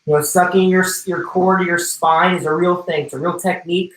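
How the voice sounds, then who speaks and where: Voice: mid-range voice, steady tone, a little fast, a bit bright. Personal trainer, out of breath, livestream workout cues, roomy sound, distant mic. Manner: calls out intervals and cues, joking.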